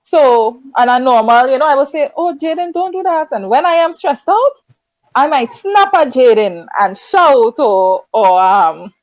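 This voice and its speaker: A woman's voice: fairly high pitch, very animated, unhurried, no room sound. A woman who is a mother, speaking as a guest in a casual discussion, open and reflective about herself. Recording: dry, dull lo-fi sound.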